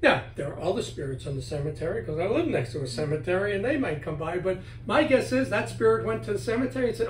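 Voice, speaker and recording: A man's voice: sits high, fast, hardly any pauses. A middle-aged man, a guest author talking at home in a casual interview, animatedly telling stories and acting out what he said. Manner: animated storyteller, acts out his own words. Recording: roomy, from a distance, faint ambience.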